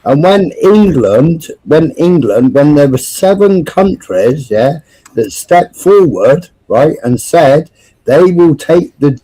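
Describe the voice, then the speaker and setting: Slow, mellow-voiced lecturing man. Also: medium pitch, rough recording. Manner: lecturing, argumentative, tags points with "yeah?". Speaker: livestream host. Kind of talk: casual political chat.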